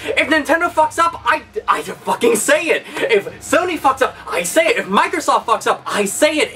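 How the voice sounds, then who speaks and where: A man's voice: very high voice, sharp tone, recorded from a distance. A man hosting a gaming video, delivering a heated, sarcastic, profanity-laced rant. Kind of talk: angry rant vlog.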